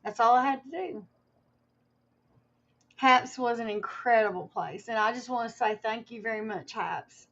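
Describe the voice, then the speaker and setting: A woman's voice: on the high side, normal speed, long pauses, a bit bright, muffled recording. A woman livestreaming to her viewers in a casual, rambling way, with many fillers and restarts and some emotion.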